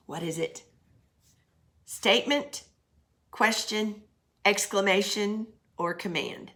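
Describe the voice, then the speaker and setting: A middle-aged woman with a bright, clear voice gives a recorded grammar lesson to young children. She explains patiently, asks questions and uses everyday examples, keeping her tone steady and mid-pitched. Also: unhurried, pauses often. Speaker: teacher.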